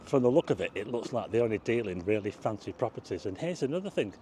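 A travel vlogger walks through town streets outdoors, chatting with viewers he calls folks and exclaiming at the sights. His voice is low-ish and dark, with lively intonation and a fast delivery, and there is slight background noise.

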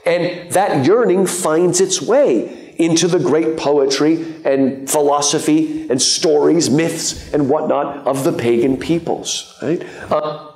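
A man giving a live lecture to an audience, lively and joking, with many fillers and asides. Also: a little high, slow. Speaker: guest lecturer. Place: lecture hall. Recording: echoey lecture hall.

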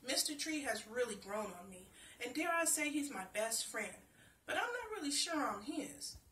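A woman storyteller, chatty and expressive, reading her own children's story aloud. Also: fairly high pitch, moderate pace, roomy sound, distant mic.

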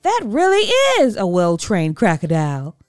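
A woman voicing a stern but excitable female school principal who speaks with emphatic, drawn-out words. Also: fairly low pitch, no room sound, studio quality, faint music behind. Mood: impressed.

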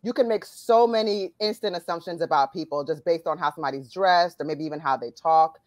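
A woman interviewing a guest in a lively, chatty way, laughing often and acting out quotes. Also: on the low side, a little fast, dry recording, studio quality. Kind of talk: casual interview chat.

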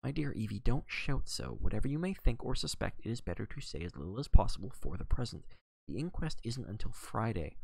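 A man reading a novel aloud, voicing a helpless, mild-mannered Englishman who tries to calm others. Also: medium pitch, a little fast, vocal fry, husky, dry recording, exaggerated voice. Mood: placating. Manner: mild and placating. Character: helpless, placating Englishman of the house.

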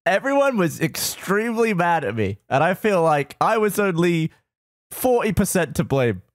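Man, podcast co-host, high voice, wildly animated, giggly wry quips. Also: normal speed, no echo, clean studio sound. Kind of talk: casual chat.

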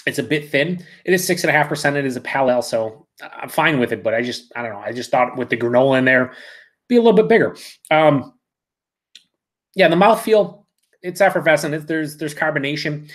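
This man has a fairly high, slightly bright voice and talks briskly and with animation. Running a live beer review, he keeps it casual, reads out comments from viewers, and wanders off track before correcting himself.

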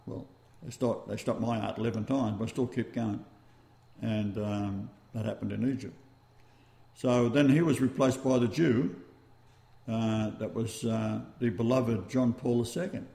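A man with an Australian accent hosting a talk-radio show, rambling and halting as he goes. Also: fairly low pitch, fairly even intonation, gravelly, mellow, roomy sound. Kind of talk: casual talk-radio chat.

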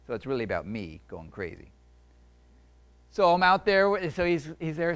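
A man with a fairly high voice gives a casual talk at a library. His pitch bounces all over as he rambles, breaks off mid-thought and ad-libs his way through a picture book. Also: sing-song, normal speed, long pauses, fairly bright tone. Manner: rambling and chatty, breaks off to ad-lib. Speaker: author and illustrator giving a library talk. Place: public library event.

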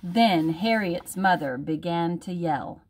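A woman, a teacher, reading a picture book aloud at home for her class in a gentle storytelling manner. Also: fairly low pitch, takes it slowly.

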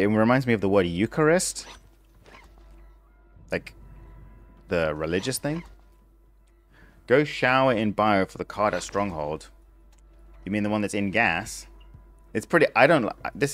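A young man streaming a game live, chatting casually and explaining things step by step, with frequent restarts. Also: lowish voice. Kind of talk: casual live gameplay commentary.

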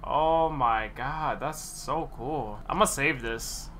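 A young man streaming gameplay, chatting casually and excitedly with slang and frequent laughs. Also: mid-range voice, takes it slowly, slight background noise.

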